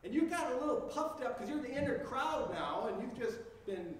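High-voiced man preaching in an echoey church. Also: big pitch swings, moderate pace, far from the mic. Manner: vivid second-person storytelling, conversational. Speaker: pastor. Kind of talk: sermon. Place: church sanctuary. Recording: echoey church heard from afar, faint noise.

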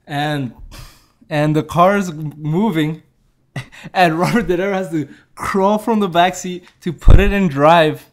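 A man with a slightly higher voice gives a casual movie review. He rambles through the plot, breaks into laughs and backtracks to correct himself. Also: unhurried.

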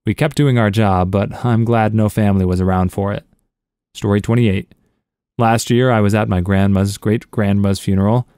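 Low-voiced man reading stories aloud. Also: steady tone, normal speed, a little mellow, clean tone, dry recording, studio quality. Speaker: narrator. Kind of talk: scripted narration of reader stories.

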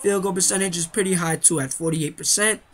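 A man's voice: high voice, steady tone, brisk, a little hiss or hum. A teenage boy with a nasal, congested voice, chatting casually over his basketball game footage as a gaming YouTuber. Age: teens. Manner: chatty, rambling, talks straight to viewers. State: congested from sinus trouble.

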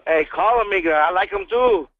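A Mexican-American man with a high voice teases a caller in a laid-back, cocky way and mixes in Spanish slang. He comes through a dull, muffled phone line. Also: fairly quick, no room sound. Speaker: call recipient. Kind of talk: phone call banter.

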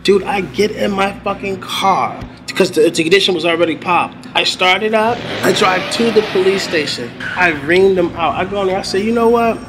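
High-voiced, animated man telling a story. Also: moderate pace, few pauses. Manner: animated storyteller, acts out quotes, heavy cursing. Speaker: teacher telling his own story. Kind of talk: animated documentary interview. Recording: interview with clear background noise.

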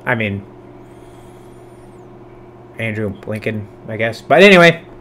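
A man hosting a reaction video in casual, profane commentary, swinging between loud outbursts and low mutters, sometimes cooing baby talk at his cat. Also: animated, takes it slowly, slight background noise.

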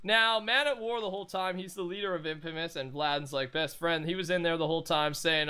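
A young man hosting a casual gameplay commentary, talking in an excitable, rambling, jokey way. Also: on the high side, a little fast, few pauses, smooth. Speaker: gaming channel host.

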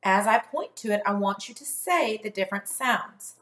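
A woman teacher leading a first grade phonics lesson, sounding out letters slowly and praising the class. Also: mid-range voice, animated, fairly bright tone. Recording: echoey room.

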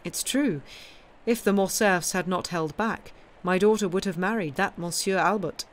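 A woman's voice: fairly low pitch, normal speed, lightly acted. A woman voicing a naive, gossipy aristocratic baroness in a storybook reading. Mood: relieved.

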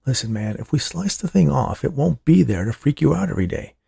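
A brash young orderly, voiced by a man in an audiobook, cocky and offhand, egging his friend on. The voice is low, gravelly and husky, dry and close. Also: sing-song, fairly quick, mellow, dry recording, full character voice. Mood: scheming.

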